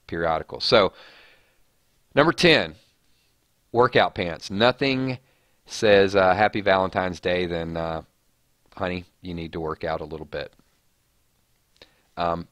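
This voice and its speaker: Low-voiced joking male stream host. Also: a bit bright, no echo, studio quality. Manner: chatty, joking, reading viewer comments. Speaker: livestream host. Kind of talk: casual chat.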